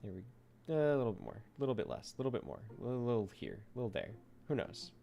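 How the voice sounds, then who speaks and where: A man's voice: mid-range voice, very animated, very fast, vocal fry, warm tone, a little hiss or hum. A man streaming live as a VTuber, chatting casually and rambling playfully to himself while he draws.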